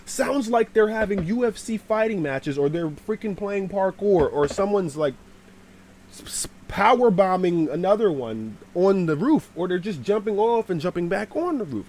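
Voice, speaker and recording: A man telling a casual, rambling storytime to his channel, slangy, with sudden shouted bits. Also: high voice, normal speed, a little hiss or hum. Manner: animated, swears, shouts out acted lines.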